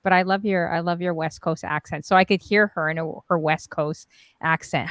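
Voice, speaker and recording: A woman's voice: lowish voice, fairly even intonation, brisk, a bit bright, no echo. A woman hosting a casual group call on her stream, chatty and gushing, laughing often. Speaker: stream host and DJ.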